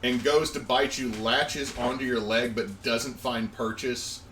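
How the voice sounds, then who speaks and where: A man narrating a tabletop game as game master, describing the scene in a slow, descriptive way with fillers. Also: mid-range voice, fairly even intonation. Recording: distant mic with faint noise.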